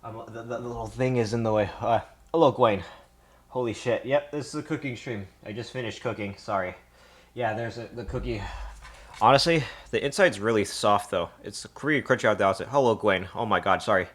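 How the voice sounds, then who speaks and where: A man's voice: on the low side, brisk, fairly bright tone. A man streaming live from a home kitchen, winded and tired. He rambles to his viewers and swears often. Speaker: livestreamer. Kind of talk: casual live-stream chat.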